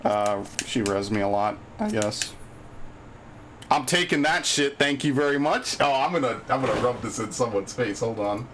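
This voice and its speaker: A male streamer narrates his own gameplay in a loose, profane running commentary. He grumbles and turns sarcastic when things go wrong. His pitch sits in the middle, with faint noise behind the desk mic. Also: lively intonation, moderate pace, fairly bright tone. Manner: profane, easily frustrated, sarcastic.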